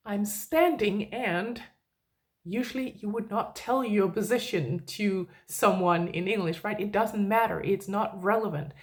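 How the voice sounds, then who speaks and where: A woman with a Danish accent teaching a language lesson for her online channel, explaining in a friendly, patient way. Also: on the high side. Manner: friendly explanatory, slow and deliberate.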